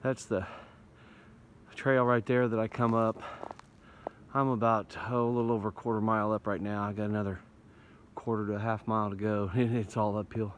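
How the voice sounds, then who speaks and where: Easygoing Indiana man, low-pitched, a bit winded, narrating on a phone outdoors in the woods, faint hiss behind. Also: flat delivery, brisk, rough recording. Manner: easygoing, rambling, folksy. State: out of breath while hiking uphill. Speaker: bushcraft vlogger. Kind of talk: casual narration to camera. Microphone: phone held in hand.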